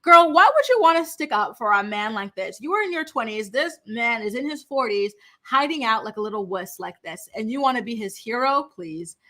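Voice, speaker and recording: Young female recap host, sharp-toned and a bit high, dishing sassy gossip with lots of fillers. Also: very animated, brisk, few pauses. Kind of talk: casual recap commentary.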